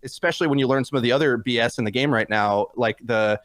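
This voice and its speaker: A man in a casual podcast chat about a video game. He rambles, restarts sentences and fills pauses with fillers. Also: medium pitch, fairly bright tone. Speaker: podcast guest. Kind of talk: casual gaming discussion.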